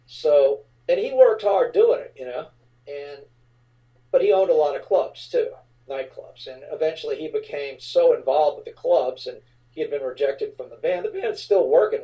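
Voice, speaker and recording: A middle-aged man from the New Orleans area, a rock frontman telling stories in an interview, relaxed and rambling with many fillers. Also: on the high side, moderate pace, far from the mic, rough recording. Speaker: rock band frontman, guest. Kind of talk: casual interview storytelling.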